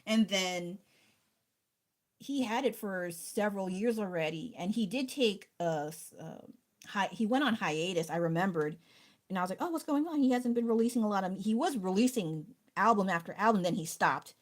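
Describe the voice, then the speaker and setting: A woman's voice: mid-range voice, moderate pace. A woman chatting casually and rambling with restarts while streaming her art. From United States. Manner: chatty, rambling, self-interrupting.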